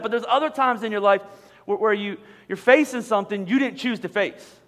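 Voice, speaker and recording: A man with a notably high voice delivers a sermon in a large church auditorium, and his words ring out with a long hall reverb. He preaches conversationally, often repeating his words as he restarts a thought and dropping humorous asides. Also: fairly quick, sharp tone. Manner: conversational, frequent word repetitions and humorous asides. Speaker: pastor.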